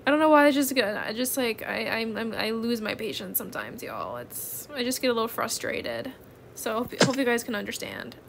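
Chatty gamer girl, slightly high voice. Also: very animated, a little fast, gravelly, a little hiss or hum. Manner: chatty, keeps addressing viewers as y'all and bestie. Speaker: gaming channel host. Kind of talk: casual gaming chat.

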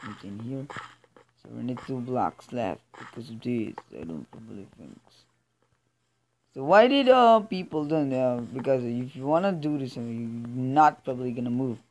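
Excitable gamer with a lively voice. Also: mid-range voice, slight background noise. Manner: excitable, blurts out exclamations and stammers repeats. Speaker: let's play gamer. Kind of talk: casual gaming commentary.

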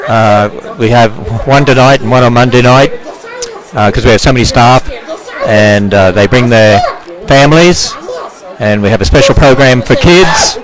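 Casual man hosting over crowd noise. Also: medium pitch. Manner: casual, relaxed, halting with fillers. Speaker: host of the staff Christmas party. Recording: crowded hall.

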